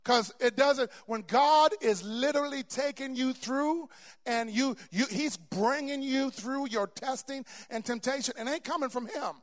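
High-voiced man preaching with fervor. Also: a little slow. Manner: stammering repeats, building to loud emphatic peaks. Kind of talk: sermon. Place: church before a congregation.

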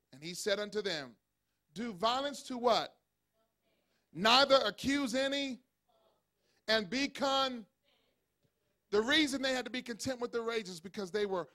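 A pastor preaching a sermon, calling on the congregation to respond and building up to shouted points. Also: male voice, extremely high pitch.

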